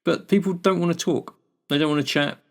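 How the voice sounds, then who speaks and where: A man's voice: on the high side, brisk. Chatty older British-born man telling stories. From United Kingdom. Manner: chatty anecdotal storyteller, acts out exchanges. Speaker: podcast co-host. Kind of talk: casual chat.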